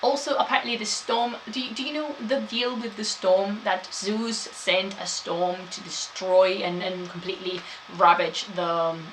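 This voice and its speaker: A woman's voice: medium pitch, fairly even intonation, normal speed, hardly any pauses, a bit bright, slight background noise, poor audio. A woman gives a chatty live-streamed history talk, laughing often and answering chat.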